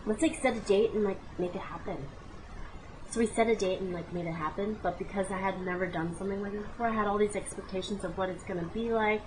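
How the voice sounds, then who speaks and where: A woman in her late twenties tells a funny story about her own life straight to the camera. She is animated and dramatic, tossing in exclamations and side remarks to the viewer. Her pitch sits in the middle range, with a faint hum of noise behind her. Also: poor audio. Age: 20s. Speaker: vlogger. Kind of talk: comic personal storytelling to camera.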